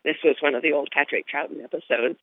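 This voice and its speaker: A woman's voice: low-pitched, fast talker, no echo. A woman novelist telling with amusement how she began writing her first book. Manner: chatty, amused storytelling. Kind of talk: interview recollection and reading. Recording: tinny phone-like line.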